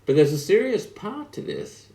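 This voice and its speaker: A man preaching an online sermon, speaking slowly and reflectively with frequent pauses and fillers. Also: sits high, sing-song, gravelly, mellow. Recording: echoey room.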